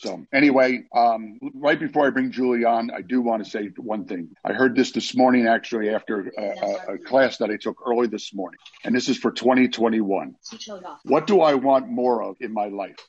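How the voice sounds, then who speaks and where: A man's voice: mid-range voice, moderate pace, a little mellow, slight background noise. A man from New Jersey emceeing a banquet, telling jokes in a folksy, repetitive way. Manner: folksy, joking, repeats himself. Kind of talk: after-dinner speech with jokes. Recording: slightly dull lo-fi audio.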